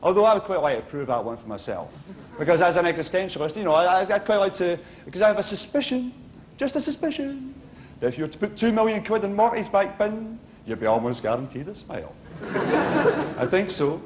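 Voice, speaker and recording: A man's voice: high voice, brisk, slight background noise. A middle-aged man with a Glaswegian accent doing a stand-up routine, acting out the voices and exchanges in his stories. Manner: animated, acts out voices and exchanges. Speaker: stand-up comedian.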